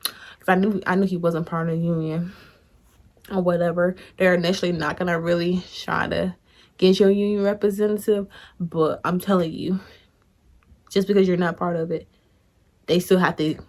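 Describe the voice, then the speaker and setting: A young woman vlogger telling a workplace story in an animated, chatty way, talking straight to her viewers and swearing freely. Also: fairly low pitch, normal speed. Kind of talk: casual storytime.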